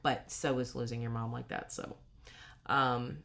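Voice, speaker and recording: A woman's voice: a bass voice, fairly even intonation, measured pace, gravelly, a bit bright. A woman, telling a personal story in a casual, rambling way with many self-corrections. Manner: rambling, self-correcting, acts out quoted voices. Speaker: cross-stitch vlogger.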